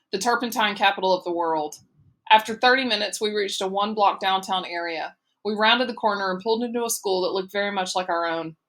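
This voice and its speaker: Woman reading an audiobook, steady and even, plain middle voice. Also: mid-range voice. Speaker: audiobook narrator. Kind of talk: scripted audiobook narration.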